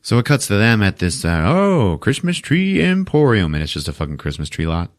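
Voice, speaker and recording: A man hosting a podcast, telling a film's plot in a profane, animated comic style. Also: low voice, fast talker. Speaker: podcast host. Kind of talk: comedic movie recap.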